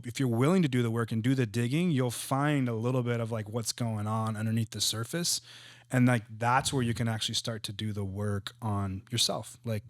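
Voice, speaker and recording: A man in his thirties talks through ideas in a relaxed podcast chat. He sounds earnest and reflective, his voice sits in a middle register, and the recording is close and dry. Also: medium pitch, dry recording. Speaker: guest, real estate entrepreneur. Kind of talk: casual podcast conversation.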